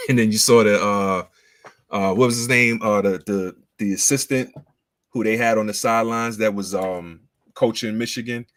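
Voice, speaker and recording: A man co-hosting a casual sports chat, laid-back and hesitant, often pausing on fillers as he talks. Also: lowish voice, fairly even intonation, fairly bright tone, no echo.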